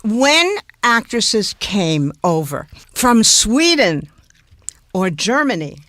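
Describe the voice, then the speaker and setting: An older woman tells showbiz stories with lively bursts of laughter, acting out sounds as she goes. Her pitch sits mid-range, and the recording is dry and close. She speaks in an everyday interview setting. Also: no echo. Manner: animated, laughing, demonstrates speech with drawn-out sounds. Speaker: guest impressionist. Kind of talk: anecdotal interview storytelling.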